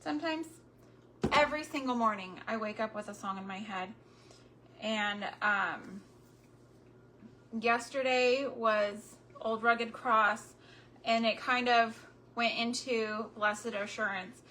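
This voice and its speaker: A woman vlogger talks to her viewers while she works on a craft, chatty and tender, with a bright, fairly high voice. She speaks slowly and unhurriedly, and keeps turning to the audience with little asides. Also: a little hiss or hum. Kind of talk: casual chat while crafting.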